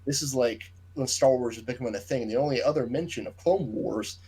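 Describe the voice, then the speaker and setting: A man's voice: medium pitch, brisk, mellow, a little hiss or hum. A man co-hosting a podcast, explaining plot details at length in casual chat and trailing off into asides. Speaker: podcast co-host. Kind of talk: casual book discussion chat.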